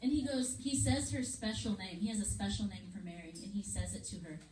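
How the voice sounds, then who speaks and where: A woman teaching a Bible story lesson to children in a church classroom, with an animated storytelling manner. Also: medium pitch, a little fast. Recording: echoey room, far mic, noisy.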